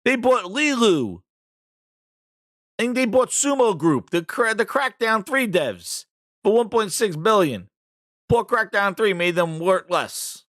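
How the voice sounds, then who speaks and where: A man's voice: high-pitched, very animated, takes it slowly, fairly bright tone, no echo, clean studio sound. A man hosting a gaming podcast, ranting casually in a profane, mocking way and laughing often. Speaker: podcast host.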